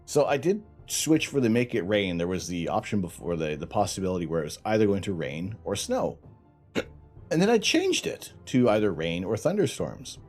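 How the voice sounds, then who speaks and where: A man's voice: lowish voice, very animated, moderate pace, a little mellow, faint music behind. A man hosting a casual astronomy livestream from home, joking and laughing as he chats with viewers. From Canada.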